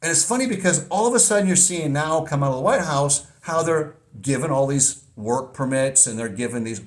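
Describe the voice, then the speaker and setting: A middle-aged man hosting a podcast, talking in a casual, rambling monologue with frequent restarts. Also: mid-range voice. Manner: rambling, repeats words and restarts. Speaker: podcast host.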